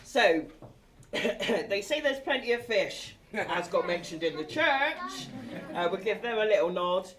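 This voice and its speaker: A woman's voice: mid-range voice, measured pace. A woman in her forties giving a wedding speech in a hall, emotional and a bit tipsy, laughing and apologising as she goes. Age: 40s. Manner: emotional, laughing through tears, apologetic asides. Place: large hall at a wedding reception. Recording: distant mic with a lively crowd.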